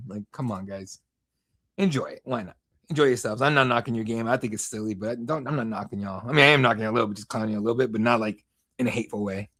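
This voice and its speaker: A young American man calls fights on a live watch-along stream in a fairly high, bright, forceful voice. He rambles and swears freely and jumps from complaints to excited play-by-play. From United States. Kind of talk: casual live fight commentary.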